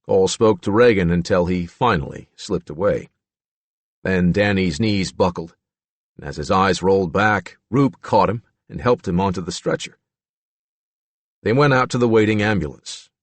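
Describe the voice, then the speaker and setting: A man narrating a true-crime audiobook in a measured storytelling manner. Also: low-pitched, dry recording. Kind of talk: scripted narration.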